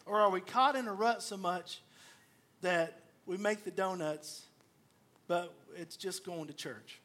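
A middle-aged man, a pastor giving a sermon and telling stories with lively, acted-out asides. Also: high-pitched, measured pace. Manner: storytelling, animated, acts out quoted voices.

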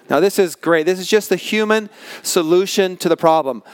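Smooth-voiced man preaching a sermon. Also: fairly high pitch, fairly even intonation, no room sound. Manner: earnest, emphatic preaching with measured slow stresses. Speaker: pastor. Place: large tent.

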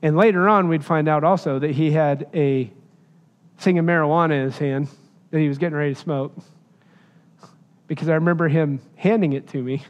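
Animated preaching man in a reverberant hall. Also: fairly high pitch, moderate pace, long pauses. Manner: storytelling, animated, emphatic. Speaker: pastor. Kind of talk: sermon with personal story.

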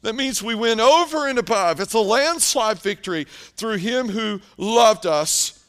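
A male pastor delivers a sermon in a noticeably high voice, taking his time over each phrase. He tells stories and drops into quieter, hushed tones to make his points land. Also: expressive, smooth. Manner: storytelling preacher, dramatic pauses, drops to hushed tones.

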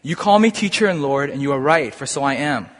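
A man preaching a sermon, explaining scripture in an animated way that builds to excited emphasis. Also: on the high side, fairly quick. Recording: long hall reverb.

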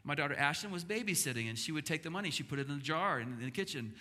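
A man's voice: on the high side, animated, very fast, sharp tone. A middle-aged male pastor telling a family story in a sermon, earnest and repeating words as he builds up. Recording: long hall reverb with faint music.

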